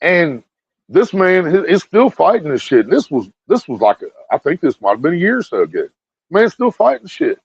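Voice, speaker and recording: A man with a somewhat high voice rants bluntly to his viewers and swears heavily. He repeats his phrases as he builds up heat. The recording sounds muffled, dry and lo-fi. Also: sing-song, moderate pace, breathy edge, dry recording. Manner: blunt, heated, repeats himself with lots of swearing. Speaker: video streamer. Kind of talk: profane ranting commentary to viewers.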